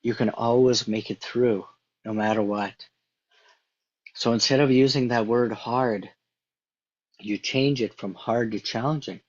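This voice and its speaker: A man's voice: mid-range voice, fairly even intonation, a little slow, pauses often, muffled recording. A man giving an earnest, conversational motivational talk, repeating his points as he goes. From Canada. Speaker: motivational speaker.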